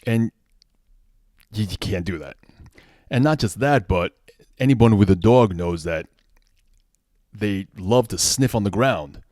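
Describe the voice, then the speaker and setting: Casual male toy reviewer, low voice, rambling and self-correcting, dry recording. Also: lively intonation, slow, pauses often, a little mellow, dry recording. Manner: rambling, restarts sentences, conversational asides.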